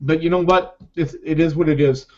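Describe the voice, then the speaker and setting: A man's voice: fairly high pitch, steady tone, a little mellow. Emotional man telling his comeback story. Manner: emotional, halting, repeats himself. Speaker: network marketer sharing his story. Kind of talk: personal testimonial vlog. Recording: dull lo-fi recording.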